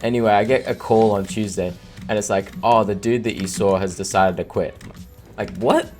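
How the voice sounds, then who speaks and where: Very deep-voiced young Australian man. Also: steady tone, fairly quick, a little mellow, soft background music. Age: 20s. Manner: rambling, filler-heavy, laughs often. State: tired, no sleep. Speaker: gaming streamer. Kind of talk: casual gameplay commentary.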